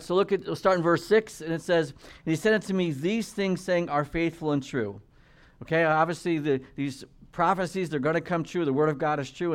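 A man preaching a verse-by-verse Bible teaching, reading scripture slowly and with emphasis, then explaining it in casual asides, often dropping low and quiet at the ends of points. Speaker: pastor.

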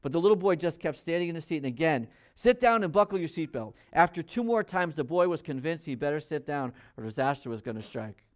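A man preaching a sermon, reading scripture aloud with loud, emphatic rises and dropping to quiet, low asides as he explains it. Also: fast talker, few pauses. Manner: reads King James scripture aloud, then explains conversationally. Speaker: pastor.

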